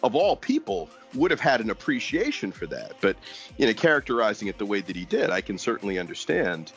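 A man's voice: on the low side, wildly swooping pitch, a little fast, soft background music. Rambling man in casual chat. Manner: rambling, digressive, many fillers. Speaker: podcast co-host.

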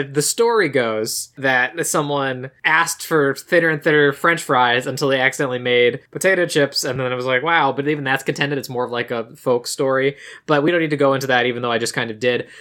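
Bright-voiced man recapping a movie. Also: mid-range voice. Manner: rambling, self-correcting, joking. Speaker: podcast co-host. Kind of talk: casual movie recap chat.

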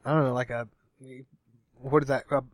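A young man from Cincinnati, USA, co-hosts a podcast, rambling casually, correcting himself as he goes and laughing often. His medium-pitched voice is brisk with fairly even intonation, on a dry, clean studio recording.

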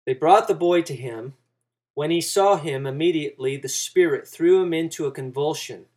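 Preacher teaching through a scripture passage. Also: male voice, fairly high pitch, normal speed, a little mellow. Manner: expository teaching, acts out quoted lines with rising emphasis. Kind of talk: sermon.

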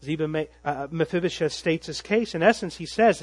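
A man preaching in a high, husky voice, recorded close and dry. He tells the story dramatically, pushing some phrases out loudly and dropping others almost to a murmur. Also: a little fast, no room sound, rough recording. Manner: dramatic storytelling, swinging from loud emphasis to hushed tones. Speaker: pastor. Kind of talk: expository sermon.

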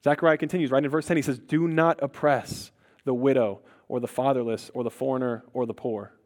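A man's voice: mid-range voice, steady tone, a little fast. A man preaching a sermon as a pastor, earnest, drops his voice on key words and teases the congregation now and then.

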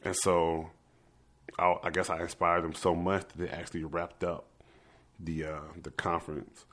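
Young male guest, very low voice, earnest storyteller. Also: level tone, moderate pace, fairly bright tone. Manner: earnest, emotional, quotes himself and others. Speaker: activist guest. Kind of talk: personal storytelling in conversation.

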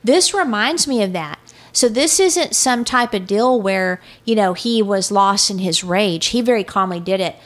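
A woman telling a true crime case in a casual chat and reading transcript lines aloud in a level, unhurried way. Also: mid-range voice, animated.

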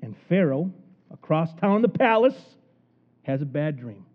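A man preaching a sermon in an animated storytelling manner, acting out the people in the story. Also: on the high side, moderate pace. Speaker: pastor. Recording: tinny phone-like recording.

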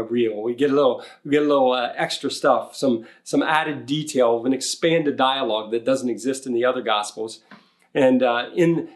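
A male pastor preaching a sermon in a relaxed, conversational way, often retelling the story in everyday words and acting out the quoted lines. His voice sits at an ordinary pitch for a man. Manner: conversational, paraphrasing with animated quotes.

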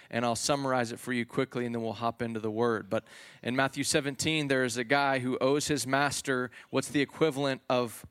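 A man's voice: medium pitch, fairly bright tone, clean tone. Male pastor, chatty sermon delivery, resonant and clean tone. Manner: conversational preaching with fillers and casual slang. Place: church hall before a congregation.

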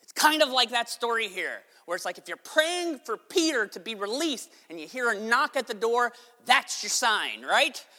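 Bright-voiced preacher in his forties. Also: very high voice, normal speed, few pauses. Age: 40s. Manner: animated, conversational, jokey. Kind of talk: sermon. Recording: long reverb of a large hall.

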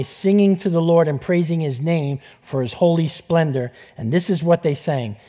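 A man's voice: a little high, sing-song, moderate pace, darkish tone. A man with a New York accent preaching a sermon with passion, repeating phrases for emphasis. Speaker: pastor.

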